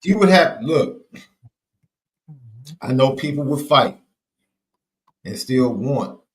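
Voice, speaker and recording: Casting: mid-pitched male co-host, slangy and reactive, casual sports banter. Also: expressive, slow. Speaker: podcast co-host.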